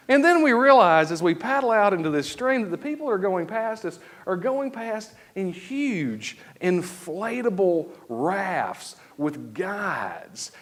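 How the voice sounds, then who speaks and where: A man, preaching a sermon and telling a story with lively, acted-out moments. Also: sits high. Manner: animated storytelling with laughs and acted-out shouts. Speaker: pastor. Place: church sanctuary.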